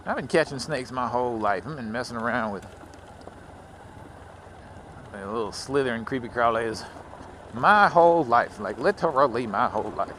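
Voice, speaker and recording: A man's voice: mid-range voice, expressive, normal speed, pauses often, fairly bright tone, slight background noise. A man from Louisiana with a Southern accent, rambling casually while riding a motorcycle. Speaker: motovlogger.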